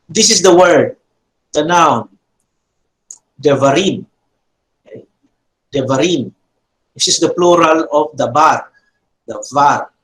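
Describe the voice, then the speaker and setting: A man teaching a Biblical Hebrew grammar lesson. He talks haltingly, with frequent fillers and self-corrections, and repeats key terms for emphasis. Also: a little high, a bit bright, low-quality recording. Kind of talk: classroom grammar lecture.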